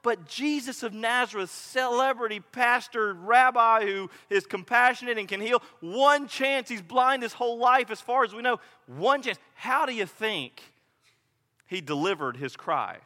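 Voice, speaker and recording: A middle-aged man preaching a sermon, telling the story with animated delivery and acting out voices. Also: very high voice, measured pace, long reverb tail. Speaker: pastor.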